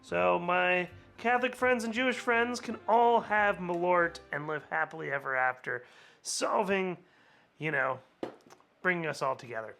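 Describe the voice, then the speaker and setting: Faint music plays behind a high-pitched, gravelly man whose voice sounds pushed and bright as he hosts a casual cocktail-making vlog at a measured pace. Slightly hungover, he's chatty, laughs often, and wanders into rambling asides.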